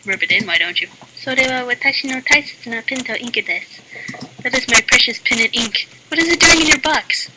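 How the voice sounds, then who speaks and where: A woman reading a mock language lesson in a deadpan voice, dropping dry joke asides between the examples. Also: a little high, quick pace. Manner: deadpan, flat-voiced delivery. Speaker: lesson narrator. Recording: loud constant background hiss.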